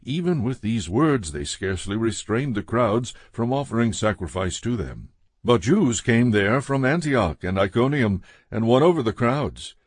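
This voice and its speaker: A man's voice: lowish voice, breathy edge, dry recording. Man reading scripture, dry close sound. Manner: measured, steady reading. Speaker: scripture reader.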